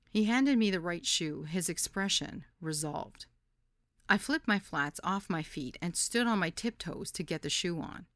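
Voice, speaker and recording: A woman's voice: on the low side, animated, unhurried, fairly bright tone, dry recording, clean studio sound. A woman podcast host reading a candid first-person memoir story.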